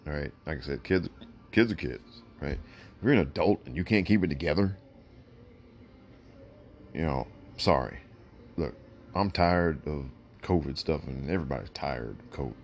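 Blunt, very deep gravelly man. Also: normal speed, pauses often, slight background noise. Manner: blunt, emphatic, repeats "look". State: hiccups. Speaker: podcast host. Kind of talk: opinionated solo commentary.

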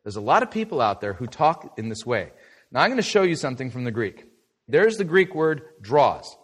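A man's voice: mid-range voice, fairly quick, husky. A middle-aged man preaching a conversational Bible lesson, asking his listeners questions and answering them himself. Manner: lively, conversational, asks the audience questions. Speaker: pastor teaching a Bible study. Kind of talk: sermon lesson.

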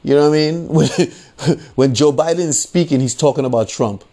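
A man's voice: on the high side, normal speed, warm tone. Guy ranting on his podcast, cussing a lot, keeps saying you know what i mean, laughs at his own points. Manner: profane, repetitive, frequent "you know what I'm saying". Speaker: podcast host. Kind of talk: casual political rant.

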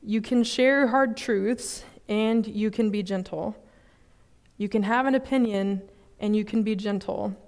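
A young woman giving a sermon at a student fellowship, casual and chatty, with many fillers and quick laughs at herself. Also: medium pitch, a little mellow. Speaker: student ministry speaker. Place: church service hall.

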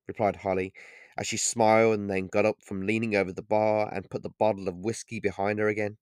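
A man reading his own short story aloud in a steady, measured narration. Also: lowish voice, smooth, no room sound, studio quality.

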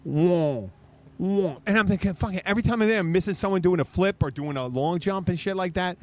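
A man's voice: high-pitched, fast talker. A man with a slightly raised voice tells rambling stories peppered with swearing. He chats casually as a podcast host, recording outdoors on a bar stage. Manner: rambling, profane storytelling.

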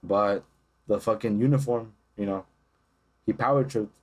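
A man's voice: fairly low pitch, unhurried. A young man co-hosting a podcast, telling casual, profane stories and acting out the voices of the people in them. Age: young adult. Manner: profane, animated storytelling with acted-out quotes. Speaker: podcast co-host. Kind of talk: casual chat.

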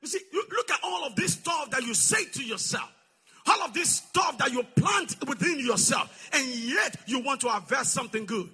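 A male preacher delivering a sermon, calling out to the congregation and swinging from shouting to soft, low asides. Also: sing-song, normal speed, husky, soft background music. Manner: call-and-response, swings from shouting to near-whisper.

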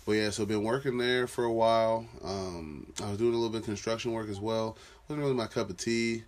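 A man's voice: lowish voice, a little fast. A man, telling a personal story about his family in a rambling, casual way full of fillers and restarts.

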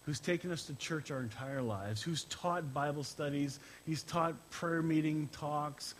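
A middle-aged man, a pastor, gives a conversational sermon after an opening prayer, sounding emotional and halting as he speaks personally. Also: fairly high pitch, a little hiss or hum, poor audio. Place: church service, streamed live.

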